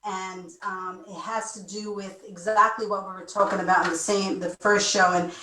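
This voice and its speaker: A woman's voice: medium pitch, level tone, moderate pace, a crowd in the background. Rambling woman host in an echoey room. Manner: rambling, circling back to rephrase. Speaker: show host. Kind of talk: casual talk-show introduction. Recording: echoey room, voice distant from mic.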